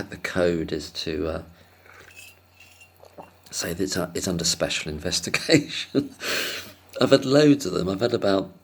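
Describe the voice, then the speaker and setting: A man's voice: very deep voice, creaky, breathy edge. A man telling a casual, rambling story to camera, hesitant and self-deprecating, chuckling often. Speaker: vlogger.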